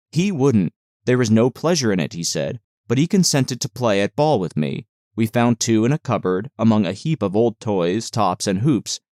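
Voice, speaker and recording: A man with a fairly low voice reads a classic novel aloud in a measured, expressive way. The sound is dry and close, with almost no room around it. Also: no echo. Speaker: audiobook narrator. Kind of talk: scripted narration of a classic novel.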